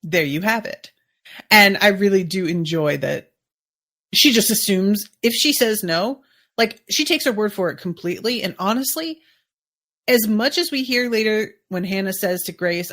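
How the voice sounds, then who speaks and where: A woman's voice: medium pitch, expressive, moderate pace, fairly bright tone. A woman hosting a podcast, chatting casually through an episode recap, musing and thinking aloud with lots of fillers. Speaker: podcast host.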